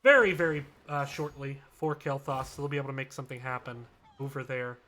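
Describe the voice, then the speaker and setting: A man giving live play-by-play commentary on an esports match, brisk and chatty with playful asides. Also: medium pitch, bright, forceful tone, slight background noise. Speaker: esports caster.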